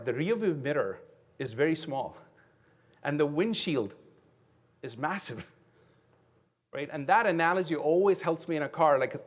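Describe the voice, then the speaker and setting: A man in his fifties, originally from India, delivers a motivational keynote at a conference. His voice sits a little higher than most men's, and he tells his story in an earnest way, often tagging his sentences with "right?". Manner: earnest storytelling with frequent "right?" tag questions. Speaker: keynote speaker. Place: conference venue.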